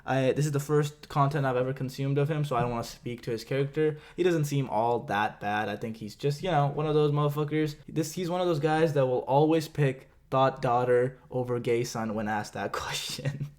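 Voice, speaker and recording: A man's voice: medium pitch, brisk, few pauses, darkish tone. A man giving casual, sarcastic reaction commentary on a video, laughing often and swearing freely.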